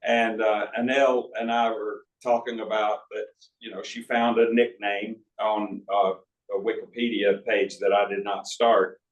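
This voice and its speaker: An author in his sixties tells folksy stories full of asides to a live crowd in an arts center auditorium at a book talk. His voice sits fairly low, moves little in pitch, and keeps a measured pace. The audio is roomy, picked up from a distance in the hall.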